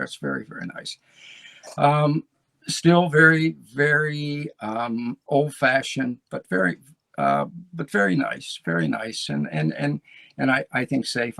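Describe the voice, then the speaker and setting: A man's voice: mid-range voice, gravelly, fairly bright tone. A man hosting his own show, telling stories in a loose, rambling way with many restarts. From United States. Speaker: show host. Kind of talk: casual monologue to camera.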